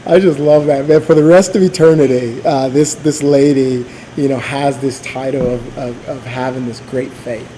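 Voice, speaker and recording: A man's voice: mid-range voice, a little slow, mellow, a little hiss or hum, rough recording. A man giving an informal sermon at church, speaking casually with many fillers, restarts and asides. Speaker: church leader.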